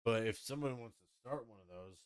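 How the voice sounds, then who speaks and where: A man's voice: medium pitch, brisk, clear, resonant tone, dry recording, clean studio sound. A man chatting casually to his livestream audience in a blunt, rambling, profane way. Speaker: streamer.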